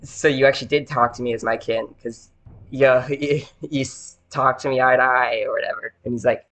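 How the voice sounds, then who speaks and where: A man's voice: mid-range voice, steady tone, normal speed, a bit bright. A man recapping a series in a loose, rambling way, full of fillers, who acts out the characters' lines as he goes. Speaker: video essay host. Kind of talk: casual episode recap.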